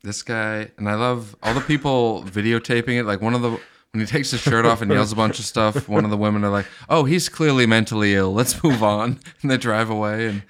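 A lowish, smooth-voiced man chatting on a podcast, playful and quick to laugh. The voice is clean and clear. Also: steady tone, a bit bright. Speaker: podcast co-host. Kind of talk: casual chat.

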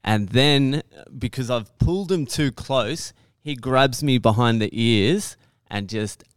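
A man's voice: mid-range voice, takes it slowly, clean tone, no echo, clean studio sound. A young man on a podcast telling a story in casual talk, swearing constantly and laughing now and then.

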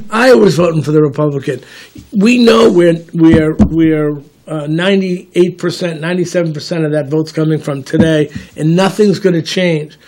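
Older man, high voice, talks politics casually, stumbles and repeats words. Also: creaky, breathy edge. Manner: rambling, repeats words, tells anecdotes. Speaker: political commentator.

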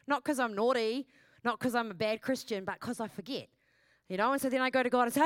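A woman pastor preaching a sermon in a lively, chatty way, with self-mocking asides and repeated questions to the congregation. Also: a little high, brisk, dry recording.

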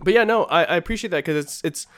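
Animated man telling stories on a podcast. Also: sits high, quick pace, no echo, clean studio sound. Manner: animated storyteller, acts out quotes. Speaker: podcast host. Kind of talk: casual chat.

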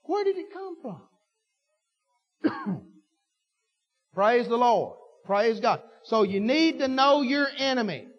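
A man preaching a sermon, folksy and fervent, repeating himself and building to shouts. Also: very high-pitched, big pitch swings, takes it slowly, long pauses, faint music behind. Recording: dull lo-fi recording with long hall reverb.

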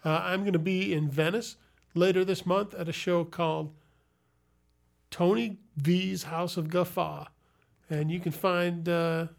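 Middle-aged male comic guest, high voice, dry wry delivery, easygoing chat. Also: gravelly. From Chicago, United States. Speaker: comedian guest. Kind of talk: casual podcast chat.

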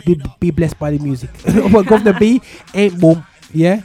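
A man's voice: high-pitched, normal speed, mellow, husky, soft background music. A man hosting a gospel radio show, chatting casually in heavy slang, laughing often and slipping into preachy asides.

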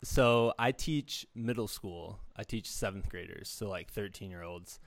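A man's voice: fairly low pitch, a little slow, gravelly, dry recording. A young man hosting an interview, talking casually and with enthusiasm, often saying "man" and "dude". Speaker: host, middle school teacher.

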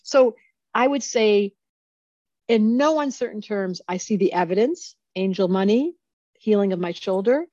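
A woman in her sixties talks through a video call. She tells her stories in a lively, practical way and acts out the lines people said. The audio is a bit dull and muffled, and the sound is dry and close. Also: mid-range voice, a little slow, no room sound. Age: 60s. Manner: animated storyteller who acts out quoted speech. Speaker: astrologer guest. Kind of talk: casual interview storytelling.

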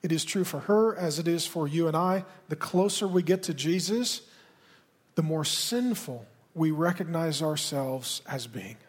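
Pastor, male, fairly high husky voice, direct conversational sermon delivery, reverberant hall. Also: lively intonation, measured pace. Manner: direct, conversational preaching with pointed asides.

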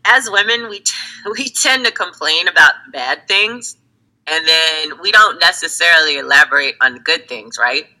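Woman, casual chat, very bright tense tone, swoops up and down a lot, animated storyteller. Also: low voice, moderate pace, poor audio. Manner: animated, acts out friends' voices in quotes; laughs often while talking.

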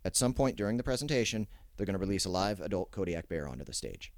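A man hosting a casual comedy podcast, laying out absurd scenarios in a deadpan way. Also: low-pitched, fast talker, dry recording, clean studio sound. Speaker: podcast host.

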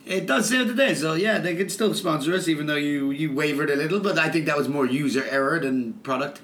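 Teasing, bright-voiced male podcast co-host. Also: fairly high pitch, brisk. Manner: laughing, teasing, profane. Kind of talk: casual podcast banter.

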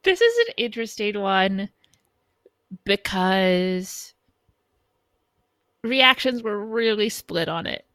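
A woman co-hosting a casual fan podcast, giving slow, measured criticism and laughing easily. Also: mid-range voice, very animated, a bit bright, no room sound. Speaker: podcast co-host.

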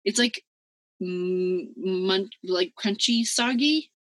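A woman co-hosting a casual chat, animated and quick to laugh, swearing freely. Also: mid-range voice, dry recording. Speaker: podcast co-host.

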